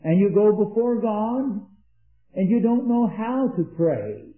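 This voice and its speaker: A man preaching an earnest sermon, rising to emphatic peaks and dropping into quiet anecdotes. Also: sits high, animated, slow. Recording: echoey, tinny old sermon recording.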